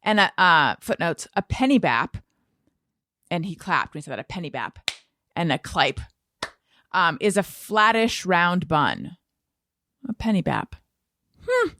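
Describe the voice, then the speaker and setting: A woman's voice: fairly low pitch, big pitch swings, unhurried, pauses often, pushed and bright, no room sound. A woman co-hosting a podcast in a studio, chatting casually and teasingly, sometimes half-singing lines of a song. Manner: playful, teasing, sings snatches of song. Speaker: podcast co-host. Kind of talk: casual chat.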